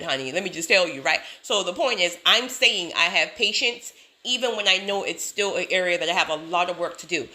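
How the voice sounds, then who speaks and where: A woman giving a sassy, emphatic motivational talk to camera, laughing often. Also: lowish voice. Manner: sassy, emphatic, repeats catchphrases; laughs often, animated storytelling. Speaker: self-help vlogger.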